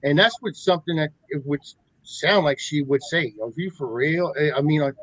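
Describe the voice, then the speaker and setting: A man's voice: fairly high pitch, a little fast, a bit bright, no echo, poor audio. A man hosting a podcast, chatting casually and often giving short listening replies. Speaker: podcast host. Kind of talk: casual chat.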